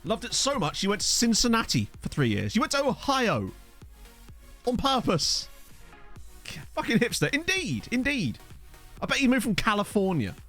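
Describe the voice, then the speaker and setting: A man's voice: high voice, huge pitch swings, moderate pace, fairly bright tone, faint music behind. A man doing live-stream commentary on a game, chatty and giggly, swearing freely into a desk microphone. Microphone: desk USB condenser mic.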